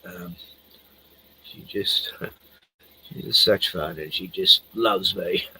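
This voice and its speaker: A man's voice: low-pitched, drawn-out words, pushed and bright, slightly rough, low-quality recording. An older man hosting a livestream, rambling casually, laughing often and swearing freely. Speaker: livestream host. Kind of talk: casual chat.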